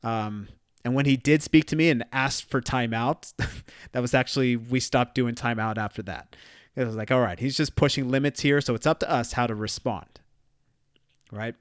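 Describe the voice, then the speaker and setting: A man's voice: mid-range voice, moderate pace, clear, resonant tone, no room sound. Dry-voiced man telling a parenting story. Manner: conversational storytelling with quoted dialogue. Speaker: podcast host. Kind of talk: solo podcast talk.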